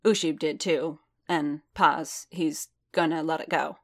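A woman reading a weary, halting warrior. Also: deep voice, fairly even intonation. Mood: hesitant. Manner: hesitant, halting, self-correcting. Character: weary, guarded male warrior, adult.

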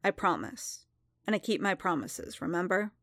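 A woman reading as a quiet, steady male bounty hunter. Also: lowish voice, moderate pace, no echo. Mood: firm.

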